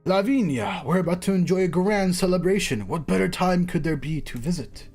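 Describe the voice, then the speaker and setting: A man voicing a smooth, theatrical male director in a game story. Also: sits high, lively intonation, fairly quick, darkish tone, soft background music, pitched above the performer's own voice. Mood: grandiose.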